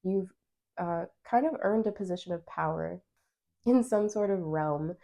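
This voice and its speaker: A woman with a mellow voice and a gravelly fry runs a pick-a-card tarot reading. She speaks straight to her viewers, chatty and encouraging, and reads out card meanings as she goes. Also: fairly low pitch, unhurried. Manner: addresses viewers directly. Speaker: tarot reader.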